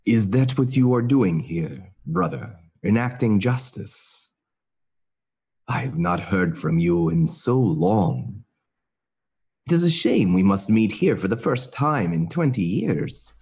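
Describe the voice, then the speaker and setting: A man's voice: lowish voice, expressive, slow, gravelly, darkish tone, breathy edge, pitched above the performer's own voice, exaggerated voice. A man voicing an aging exiled knight who speaks to his brother in a pointed, stiffly formal way. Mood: reproachful. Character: aging exiled male knight, wry and tense.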